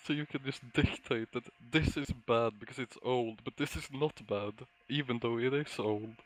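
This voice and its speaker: A man's voice: medium pitch, moderate pace, rough recording. Laughing, exasperated man in casual debate. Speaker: podcast co-host. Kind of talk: casual argumentative chat.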